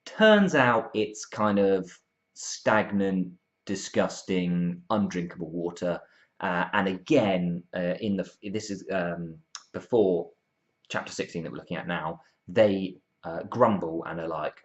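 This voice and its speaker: Guy chatting through a bible passage, lots of ums, low voice, kinda muffled recording. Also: measured pace. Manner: informal, many ums and restarts, acts out quotes. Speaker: youth Bible talk presenter. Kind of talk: casual Bible talk.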